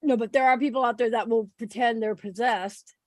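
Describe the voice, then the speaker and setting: Giggly high-voiced woman host. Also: steady tone, brisk, a little mellow, no echo. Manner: giggly, blunt, swears freely. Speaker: host of a paranormal panel. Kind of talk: casual chat.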